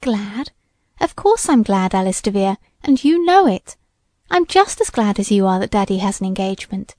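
A woman voicing a sedate, gentle seventeen-year-old girl in a storybook reading, quiet and dignified. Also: medium pitch, big pitch swings, moderate pace, dry recording, studio quality, natural voice. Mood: earnest. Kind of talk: audiobook character voice.

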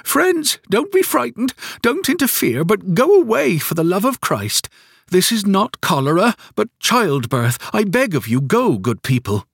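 Man putting on a merry old grandmother, high lilting voice, sing-song, sweet. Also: sing-song, unhurried, vocal fry, dry recording, clean studio sound, full character voice. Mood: pleading.

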